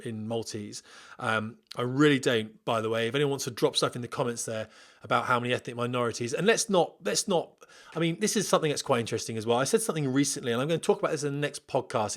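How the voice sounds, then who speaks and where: A man's voice: mid-range voice, a bit bright. A middle-aged man, hosting a podcast from home, chatting casually and reading a listener's email with rambling digressions. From Britain. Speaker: podcast host, former military pilot.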